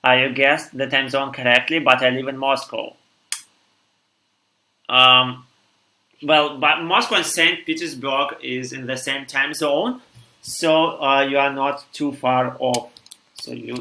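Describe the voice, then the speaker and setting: A man from Siberia with a thick Russian accent, tired after hours of streaming, coding live and thinking aloud in a halting way as he reads code out. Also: medium pitch, steady tone, bright, forceful tone, a little hiss or hum.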